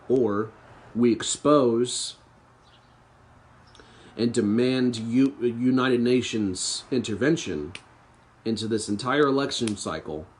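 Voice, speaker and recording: A man's voice: mid-range voice, darkish tone. Young man on a profane, bitter rant. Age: young adult. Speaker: podcast host. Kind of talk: angry political rant to camera.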